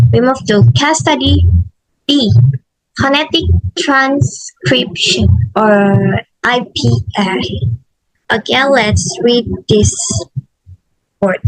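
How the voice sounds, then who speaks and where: Slow, careful young woman presenter. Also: fairly high pitch, no echo, poor audio. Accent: Indonesian. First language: Indonesian. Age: young adult. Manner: slow, careful, with self-corrections and restarts. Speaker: student presenter. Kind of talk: reading a linguistics class presentation.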